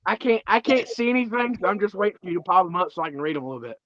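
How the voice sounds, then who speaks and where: An earnest man with a fairly high voice speaks in a casual, rambling way. His audio is dull and dry, like a plain stream mic. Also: very animated, very fast, fairly bright tone, no room sound. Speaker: podcast host, guest on the stream. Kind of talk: casual livestream appeal.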